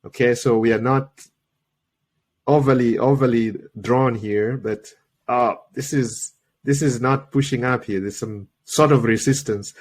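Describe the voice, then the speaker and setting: A man's voice: medium pitch, steady tone, measured pace. A man hosting a live trading tutorial, slightly worn from a recent cold, chatty and checking in with listeners constantly. He speaks English as a second language. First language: not English. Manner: chatty, peppers talk with "okay?" and "guys". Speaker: trading coach and livestream host.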